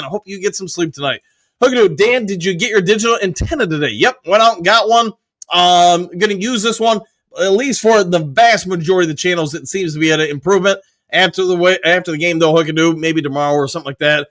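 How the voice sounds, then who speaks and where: A man's voice: high voice, a bit bright. A man hosting a casual live sports stream, reading viewer comments aloud and chatting back with lots of "uh"s. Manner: loose, with frequent "uh" and quick self-corrections. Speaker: livestream host.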